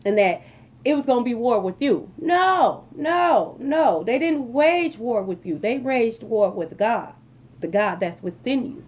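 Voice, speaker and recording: A woman giving a casual tarot reading to her viewers, animated and repeating phrases, often checking in with "okay?". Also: on the high side, a little slow, lo-fi sound. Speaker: tarot reader.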